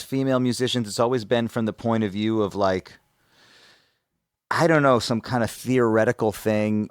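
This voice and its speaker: A man's voice: on the low side, no room sound, clean studio sound. A man hosting a podcast, thinking aloud as he reflects on his guest's story. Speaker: podcast host. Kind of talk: conversational interview.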